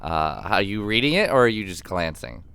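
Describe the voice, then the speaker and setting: A man running a tabletop game as dungeon master, narrating with many pauses and fillers. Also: sits low, very animated, fairly bright tone, smooth. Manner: hesitant, filler-heavy narration. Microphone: streaming microphone.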